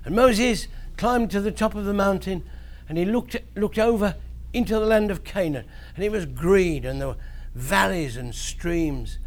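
Animated man telling kids a Bible story. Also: sits high, moderate pace, hardly any pauses. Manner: animated storytelling, loud swings in voice. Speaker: preacher to children. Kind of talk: children's Bible talk.

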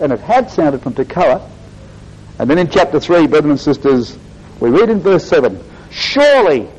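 A man preaching a Bible exposition to his congregation, emphatic and animated, often addressing them as brethren and sisters. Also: high voice, poor audio. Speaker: lay preacher giving a Bible talk.

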